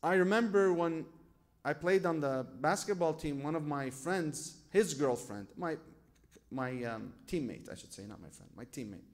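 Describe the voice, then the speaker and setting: A man's voice: on the high side, lively intonation, normal speed. A man giving a sermon as a sheikh. He tells stories from his own life, asks rhetorical questions and quotes scripture. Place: lecture hall at a religious gathering.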